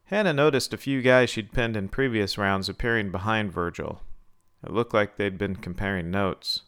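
A man narrating a scripted story in a steady, measured reading. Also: lowish voice, smooth.

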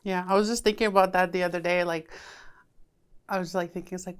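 A woman co-hosting a casual podcast, chatty and quick to laugh, with many "like" fillers. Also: fairly low pitch, flat delivery, smooth. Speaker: podcast co-host. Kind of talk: casual chat.

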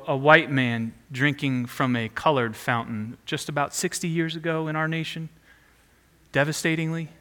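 A man's voice: fairly high pitch, bright, forceful tone, long reverb tail. A man preaching a sermon as pastor, prompting the congregation to repeat phrases back to him.

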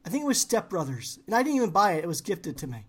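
A woman co-hosting a casual podcast chat, telling stories with lots of laughter and quick asides. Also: fairly low pitch, husky. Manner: animated storyteller, laughs often. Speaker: podcast co-host.

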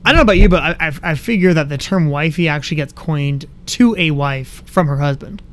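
A married man co-hosting a podcast, full of wry asides and quick laughs. He talks very fast, and his voice sits fairly high for a man. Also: fairly bright tone. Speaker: podcast co-host. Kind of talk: casual recap chat.

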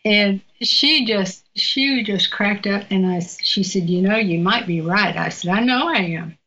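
A woman's voice: medium pitch, measured pace, bright, forceful tone, dull audio. An older woman from Virginia with a Southern accent, telling stories in a casual interview, outspoken and laughing often. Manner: outspoken, laughing, folksy storytelling. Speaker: guest.

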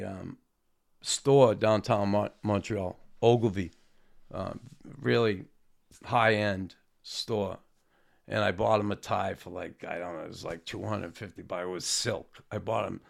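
A man, a former hockey player, telling old stories in a rambling, halting way with casual swearing. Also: fairly low pitch, gravelly. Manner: rambling, halting, with frequent restarts and fillers; swears casually, self-deprecating. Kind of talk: casual storytelling.

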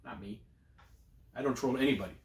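A man's voice: mid-range voice, fairly quick, a little mellow, echoey room. A Canadian man co-hosting a podcast, telling loose, profane stories full of slang in casual chat. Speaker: podcast co-host.

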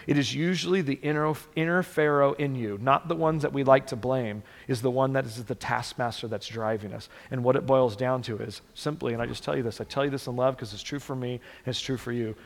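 A man's voice: mid-range voice, fast talker, creaky. A male pastor preaching a sermon, earnest and direct, often repeating words for emphasis. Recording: long reverb of a church hall.

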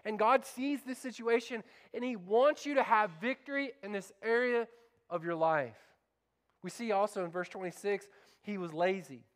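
A man's voice: sits high, a bit bright. A man preaching a sermon as pastor, fervent and calling out to his congregation for responses.

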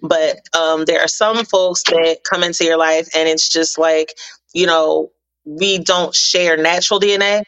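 A middle-aged woman from Philadelphia, a gospel singer and actress, speaking as a guest in a playful, expressive, teasing way. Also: deep voice, measured pace, clear, resonant tone, dull audio. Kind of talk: casual chat.

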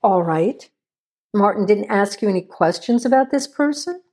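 A woman's voice: mid-range voice, expressive, normal speed, a little mellow. A woman reading the part of a hunted man on the run, curt and stern. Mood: terse. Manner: curt and demanding.

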